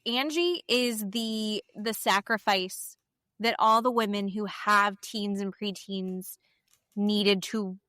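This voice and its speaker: A woman's voice: medium pitch, steady tone, slow pace, pushed and bright, no room sound, clean studio sound. A middle-aged woman co-hosting a podcast, chatting casually and saying "like" a lot. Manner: chatty, uses "like" often. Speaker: podcast co-host. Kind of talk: casual chat.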